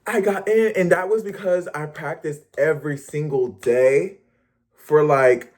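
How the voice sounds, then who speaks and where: A young man talking to camera in a casual motivational vlog, chatty and playful, with lively slangy asides. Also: on the high side, measured pace. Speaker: vlogger.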